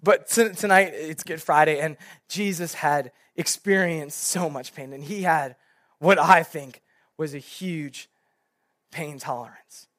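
A young man, a youth pastor, preaching a sermon in an animated storytelling way, with many casual fillers. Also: on the high side, unhurried, no room sound, studio quality.

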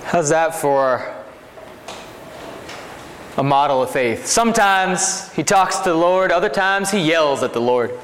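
A man's voice: on the high side, animated, unhurried, long pauses, a bit bright, big-room sound, slight background noise. A man preaching a sermon as pastor in a conversational way, often checking in with his listeners. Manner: conversational, asks 'right?' often.

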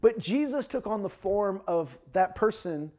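A man's voice: high-pitched, animated, a little slow, mellow. A man preaching a sermon from Canada, talking in a conversational way with frequent fillers and restarts. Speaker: pastor.

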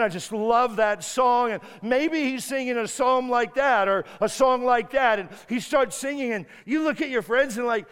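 High-voiced man preaching in a hall. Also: a bit bright, clear, resonant tone. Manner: emphatic, repeats words and restarts, acts out prayers. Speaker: guest preacher. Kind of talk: sermon. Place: church sanctuary. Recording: long hall reverb.

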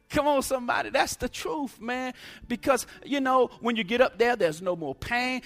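A man's voice: high-pitched, expressive, moderate pace, fairly bright tone, soft background music. A middle-aged man preaching a sermon testimony, emphatic, using call-and-response.

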